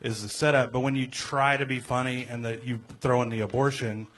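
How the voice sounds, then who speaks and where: A man's voice: mid-range voice, fairly even intonation, fairly quick, a bit bright. A man on a panel at a live comedy show, offering rambling joke suggestions to a comic.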